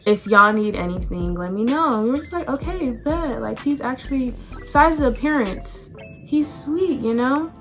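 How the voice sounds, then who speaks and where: Teen girl vlogger, chatty storyteller, mid-pitched voice, faint music under it. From Texas. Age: teens. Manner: animated, chatty, lots of "like" and "y'all". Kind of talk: storytime vlog.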